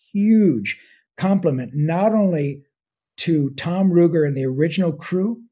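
A man's voice: a little high, mellow, husky. A man in his sixties, a voice actor talking as an interview guest, enthusiastic and rambling, with plenty of fillers. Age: 60s. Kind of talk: casual interview talk.

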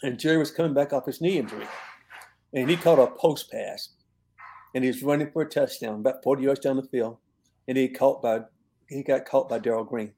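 Mellow-voiced older man telling coaching stories. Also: mid-range voice, fairly quick. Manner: relaxed anecdotal storyteller who laughs at his own tales. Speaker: guest, longtime football receivers coach. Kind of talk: storytelling in an interview.

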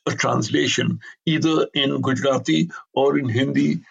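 An older man talks in a relaxed interview, full of digressions and blunt asides. His voice is husky, with a gravelly catch. He is an author telling how his work came about. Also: mid-range voice, moderate pace, dull audio. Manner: emphatic, digressive storyteller with blunt opinions. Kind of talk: conversational interview.

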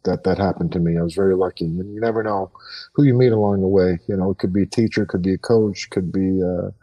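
Deep-voiced middle-aged man, set back from mic. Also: fairly even intonation, fast, dark tone, far from the mic, lo-fi sound. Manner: earnest, reflective, many fillers and restarts. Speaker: guest, retired pro hockey player. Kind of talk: casual podcast interview.

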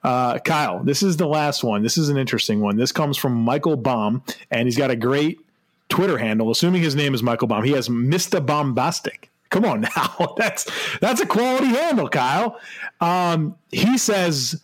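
A man's voice: mid-range voice, expressive, moderate pace. A young man co-hosting a casual sports podcast, laughing often and restarting his sentences. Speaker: podcast co-host.

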